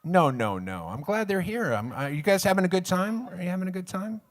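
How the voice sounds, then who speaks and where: A man's voice: high voice, expressive, fairly quick. Joking man bantering from the stage. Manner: joking, rambling, swears casually. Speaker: singer-songwriter performing live. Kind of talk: casual stage banter with the audience. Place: live music venue.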